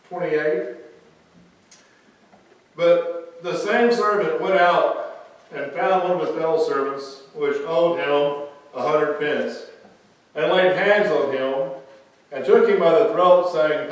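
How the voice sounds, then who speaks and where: A man delivers a sermon in a church, reading scripture slowly before explaining it in plain, emphatic talk. His voice sits a little high, and it rings with heavy room echo. He sounds set back from the microphone. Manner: reads scripture slowly then explains in a conversational, emphatic preaching voice. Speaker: pastor. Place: church sanctuary. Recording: very echoey church sanctuary, mic at a distance.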